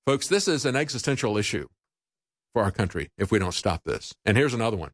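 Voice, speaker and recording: Emphatic talk radio host, dry sound. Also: male voice, fairly low pitch, big pitch swings, a little fast, dry recording. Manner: emphatic, sarcastic, mocking quoted opponents. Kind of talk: political talk show commentary.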